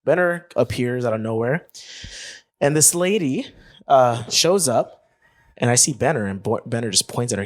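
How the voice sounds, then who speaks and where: A man's voice: mid-range voice, moderate pace, dry recording, clean studio sound. A man telling a funny story on a podcast, acting out what people said. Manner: animated storyteller who acts out dialogue. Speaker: podcast guest. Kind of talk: casual storytelling.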